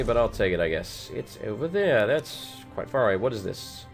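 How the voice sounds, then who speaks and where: A man's voice: mid-range voice, big pitch swings, a little fast, few pauses. A man casually commenting on his gameplay as a let's play host, brash and profane, with a voice that keeps cracking. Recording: voice with game music behind.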